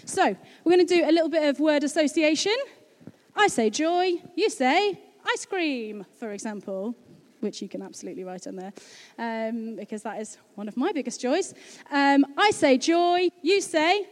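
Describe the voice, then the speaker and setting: A woman's voice: sits high, animated, measured pace. A chatty, bubbly woman, giving a casual sermon to her congregation as pastor. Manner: bubbly and chatty, laughing easily.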